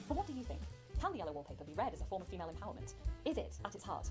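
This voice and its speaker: A woman hosting a video of literary analysis, posing thoughtful questions to viewers. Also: medium pitch.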